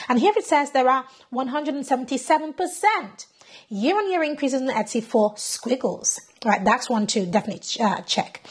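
A woman's voice: sits high, slightly rough. A British woman from the UK, an online business coach chatting animatedly through a screen-share tutorial and often checking in with "right?".

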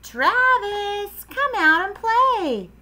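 A woman voicing an impatient, whiny young boy frog in a high, childish storybook read-aloud voice. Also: expressive, slow pace.

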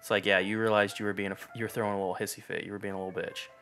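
A man's voice: fairly low pitch, little pitch movement, very fast, fairly bright tone, soft background music. A young man giving loose, profane, sarcastic let's play commentary while he plays a game. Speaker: gamer.

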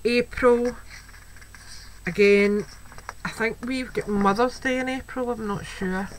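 A woman's voice: a little high, takes it slowly, low-quality recording. A Scottish woman chatting casually as she shows off a crafting item at home, gushing and full of "wee"s and "um"s. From Scotland. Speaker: crafting video host. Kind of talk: casual show-and-tell. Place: home, a child heard in the background. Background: faint household noise.

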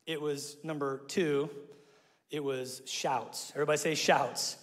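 Brief: male pastor from Omaha, slightly high voice, self-mocking storyteller who bursts into shouted quotes, recorded in a church with a long echo. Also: a little slow. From Omaha, Nebraska, USA. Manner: animated storytelling, acts out quotes with sudden shouts; jokey, self-mocking asides with laughter. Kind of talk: sermon. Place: church sanctuary. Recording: long reverb of a large hall.

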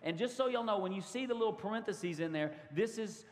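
A man preaching a sermon to his congregation, animated and given to sudden loud outbursts. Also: high-pitched, a little fast. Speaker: pastor. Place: church sanctuary. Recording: long hall reverb.

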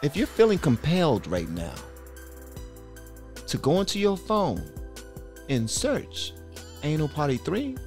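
A man chats loosely as he reacts to a clip, cursing and exclaiming. His pitch leaps around with lots of life, and faint music plays softly behind him. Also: measured pace, pauses often. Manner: animated, swearing, exclaiming. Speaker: reaction video host. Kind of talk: casual reaction commentary.

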